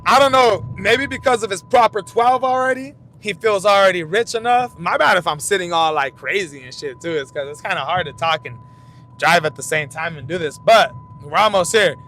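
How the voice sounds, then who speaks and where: This fight commentary host, a young man, drives as he spins rambling, profane yarns and keeps restarting his sentences. He talks at a normal speed in a sharp tone over the rumble of the vehicle.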